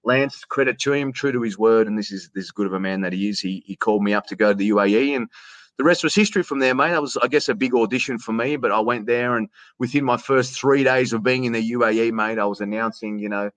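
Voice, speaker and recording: A man's voice: mid-range voice, quick pace, a bit bright, no room sound. A man with an Australian accent, a ring announcer telling stories in a casual interview, chatty, often restarting and calling the host "mate".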